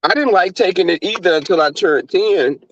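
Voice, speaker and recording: This Southern US–accented livestream host talks casually with his live viewers in a brash, profane, camp way. His voice is high and fairly bright, at a normal speed, captured in a dry, muffled recording.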